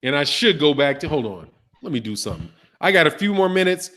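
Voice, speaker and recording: A man's voice: on the high side, sing-song, quick pace, a bit bright. A man hosting a boxing talk channel, arguing in a loose, casual way, picking apart words with rhetorical questions and a little street slang. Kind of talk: casual commentary to a live chat.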